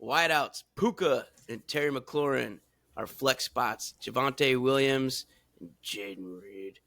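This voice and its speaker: A man co-hosting a casual live fantasy football draft, excitable and quick to exclaim. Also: medium pitch, vocal fry, noisy background. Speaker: podcast co-host.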